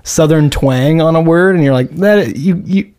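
A man banters through a casual film podcast and is quick to laugh. His voice sits a bit high for a man. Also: a little mellow, smooth. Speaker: podcast co-host.

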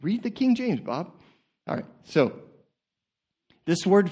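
A male pastor preaching in a church, animated and laughing, often repeating words as he goes. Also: high voice, slow, long pauses, breathy edge. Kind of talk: sermon. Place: church sanctuary.

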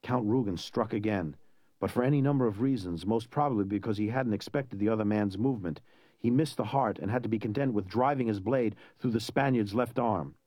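A man reading a novel aloud in an even, measured storytelling voice. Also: fairly low pitch, no room sound, clean studio sound. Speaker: reader. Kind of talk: audiobook narration.

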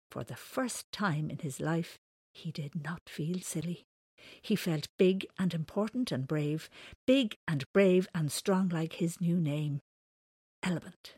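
A woman reading a children's storybook aloud in a slow, gentle manner. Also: deep voice, breathy edge, no echo. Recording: dry close recording.

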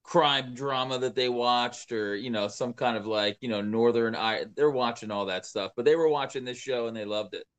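An easygoing man chatting with a co-host in a loose, casual way. He tells his side with a joking, relaxed manner and an average pitch. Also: moderate pace, few pauses, clean tone. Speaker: radio show host, co-host. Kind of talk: casual chat.

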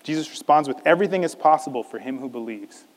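A man preaching a sermon as a pastor, animated, acting out a scripture scene in different voices. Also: a little high, quick pace, in a large hall.

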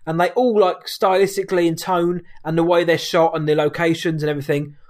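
A man's voice: a little high, flat delivery, brisk. A man co-hosting a film podcast, casual chat that rambles and corrects itself, often laughing.

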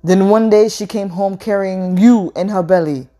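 A woman reading a story aloud and voicing an angry middle-aged father who shouts accusations at his daughter and wife. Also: mid-range voice, normal speed, pitched above the performer's own voice, lightly acted. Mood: furious shouting. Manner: bellowing, accusing, loud.

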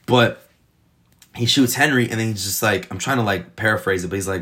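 A man casually reviewing a TV episode, retelling scenes in an excited, rambling way full of swearing. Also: on the low side, fast talker. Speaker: TV show reviewer.

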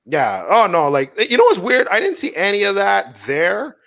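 A man's voice: sits high, normal speed, vocal fry. A man on a casual podcast, telling stories animatedly and acting out the people he quotes. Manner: animated, acts out quoted people, laughs often. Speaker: podcast co-host. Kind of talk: casual storytelling chat.

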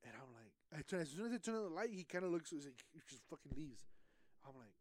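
A young man co-hosting a podcast, telling a story in casual chat with heavy swearing and lively acted-out quotes. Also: fairly high pitch, racing, no echo. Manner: profane animated storytelling. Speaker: podcast co-host.

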